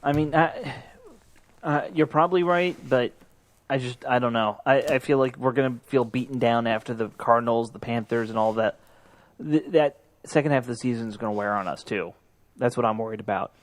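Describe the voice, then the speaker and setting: A man's voice: medium pitch, fairly quick. Sports podcast host, man, mid-range voice, casual, keeps things moving, stumbles over his words. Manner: leads the segments, stammering restarts.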